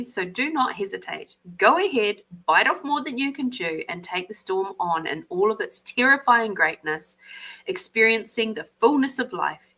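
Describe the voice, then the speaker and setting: An Australian woman hosting a live card reading, animated, swearing freely and laughing often. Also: fairly high pitch, low-quality recording. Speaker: intuitive card reader, podcast host.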